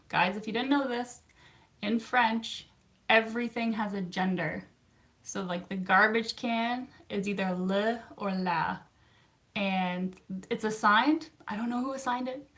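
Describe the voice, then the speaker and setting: A therapist, chatting casually on a livestream and answering viewer comments with frequent laughs. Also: female voice, medium pitch, fairly bright tone. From Canada. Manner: chatty and upbeat, laughs often, self-teasing.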